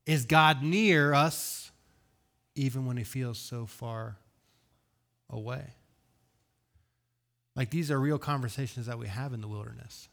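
A pastor delivers a sermon in an earnest, searching way. His pitch sits mid-range for a man, neither high nor low. He poses question after question, letting some words fall quiet and pushing others out with force. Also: steady tone, normal speed, creaky, long pauses. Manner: earnest, swings between hushed and raised delivery; asks rhetorical questions.

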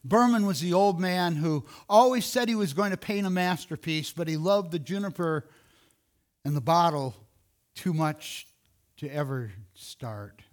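A man's voice: on the high side, measured pace. A man telling a story outdoors, loose and rambling, correcting himself as he goes. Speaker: speaker telling a closing story. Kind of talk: informal storytelling.

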